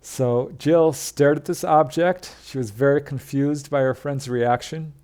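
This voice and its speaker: A man telling a witness's UFO encounter in a plain, conversational storytelling way, pausing with the odd filler. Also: a little high, fairly even intonation, mellow. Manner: plain retelling with fillers, quoting witnesses in his own voice. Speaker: narrator of UFO encounter stories. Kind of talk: storytelling narration.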